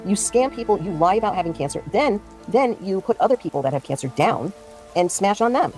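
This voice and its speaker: A woman's voice: mid-range voice, animated, brisk, a little mellow, faint music behind. A woman streamer giving casual livestream commentary, ranting in a heated, indignant and profane way.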